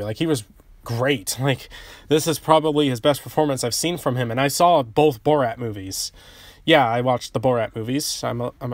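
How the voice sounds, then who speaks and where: A man giving a casual movie review, talking quickly and stumbling over words with many ums and restarts, a little out of breath from a head cold. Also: medium pitch, no room sound. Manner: talks fast and stumbles, frequent ums and restarts.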